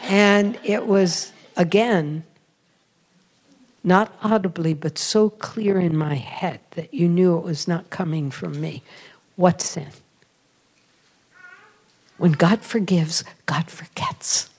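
A woman giving a sermon-style testimony, storytelling and confiding, often dropping to a soft whisper for emphasis and laughing at herself. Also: on the low side, takes it slowly, slightly rough. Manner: self-deprecating, laughs at herself. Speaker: religious speaker with a radio program.

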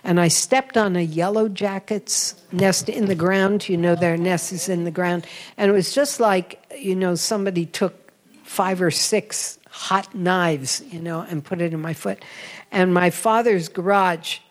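A woman's voice: fairly low pitch, steady tone, measured pace, low-quality recording. A woman giving a spiritual talk in an earnest, intimate storytelling manner, now and then dropping to a whisper for emphasis. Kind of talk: sermon-style personal storytelling.

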